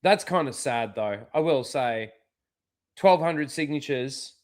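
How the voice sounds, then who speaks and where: A man's voice: mid-range voice, expressive, takes it slowly. A man hosting a casual commentary show, scornful and heavy on swearing, often rising into angry rants. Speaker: commentary channel host.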